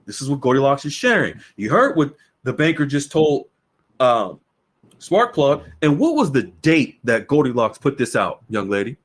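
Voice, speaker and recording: A man's voice: mid-range voice, sing-song, normal speed, breathy edge. Guy hosting a podcast, earnest, keeps repeating himself and restarting. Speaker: podcast host. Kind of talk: casual podcast talk.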